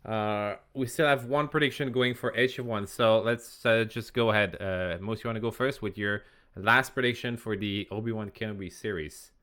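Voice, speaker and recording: Man, podcast co-host, teasing banter, slightly low voice. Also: steady tone, normal speed, a bit bright. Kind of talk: casual podcast chat.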